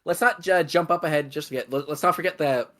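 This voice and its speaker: A man's voice: on the high side, fairly quick, a bit bright. A man co-hosting a stream, giving strong opinions and swearing freely while talking about a video game. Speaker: stream moderator and co-host.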